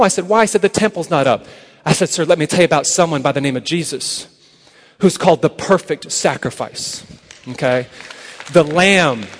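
Man preaching in a reverberant hall. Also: a little high. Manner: repeats "okay?" often, tells stories with quoted dialogue. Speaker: evangelist speaker. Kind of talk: evangelistic sermon to a youth crowd. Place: large hall at a youth conference.

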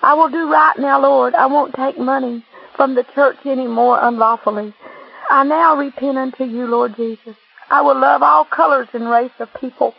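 Damned man begging for mercy, high and gravelly , read by a woman; pleading storybook reading on a dull, lo-fi recording. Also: steady tone, moderate pace, exaggerated voice. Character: damned adult man pleading and repenting in hell.

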